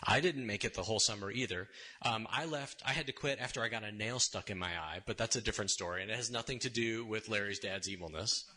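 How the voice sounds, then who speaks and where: A man's voice: on the low side, fast, bright, forceful tone, slight background noise. A man giving a conversational, storytelling sermon in a church, casual and wry, often checking in with his listeners. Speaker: sermon speaker. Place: church sanctuary.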